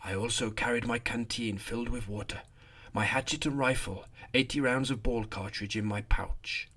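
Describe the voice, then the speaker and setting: A man voicing a weary rifleman recalling his march, in a put-on rustic accent and a slow, toiling delivery. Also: medium pitch, steady tone, a bit bright, close to an everyday voice.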